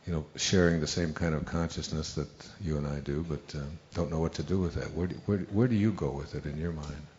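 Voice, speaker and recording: Very deep-voiced man asking earnest questions. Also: steady tone, brisk, few pauses, darkish tone. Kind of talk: conversation on stage. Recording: muffled recording with faint room noise.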